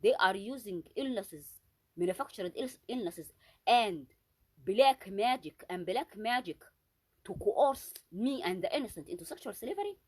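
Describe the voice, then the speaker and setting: Woman vlogger, husky tone, mid pitch, heated unscripted rant full of restarts. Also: lively intonation, moderate pace, a little mellow. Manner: agitated and accusatory, with frequent restarts and repetitions. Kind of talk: unscripted solo monologue.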